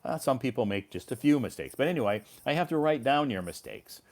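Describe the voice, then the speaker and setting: A male English teacher living in China gives a casual live-stream lesson in an animated, fairly quick mid-range voice, explaining patiently and repeating words for learners.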